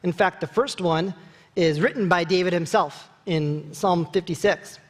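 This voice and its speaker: A male pastor giving a sermon, animated and acting out quoted lines with a raised voice. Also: high voice, a little slow, long reverb tail. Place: church sanctuary.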